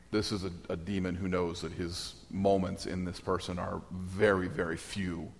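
A man preaching a sermon in a conversational, animated way, with asides and restarts. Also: sits low, moderate pace, creaky, hardly any pauses. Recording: echoey hall.

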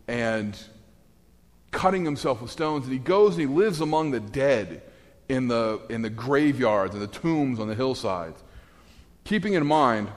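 Man preaching in an echoey hall. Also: medium pitch. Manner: conversational, animated, with asides and restarts. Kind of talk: sermon.

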